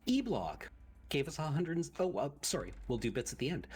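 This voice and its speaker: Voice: mid-range voice, big pitch swings, a little fast, a little mellow, slightly rough. A stream co-host in casual chat, reading subscriber thanks and stumbling over names.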